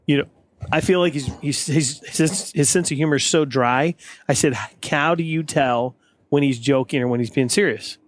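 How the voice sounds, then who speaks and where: A man's voice: on the high side, moderate pace. A man co-hosting a podcast, telling a story in casual chat and acting out the quotes. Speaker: podcast co-host.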